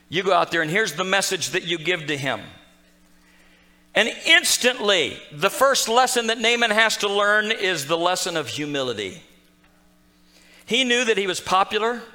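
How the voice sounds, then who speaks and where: A man preaching a sermon, telling a Bible story with animated storytelling and acting out its characters. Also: high voice, poor audio. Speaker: pastor.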